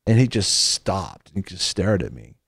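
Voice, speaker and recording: Low-voiced man preaching in easy conversation. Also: big pitch swings, normal speed, gravelly, husky, no echo, studio quality. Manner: earnest, repeats phrases, leads a prayer; tells stories and quotes scripture. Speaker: Christian show host.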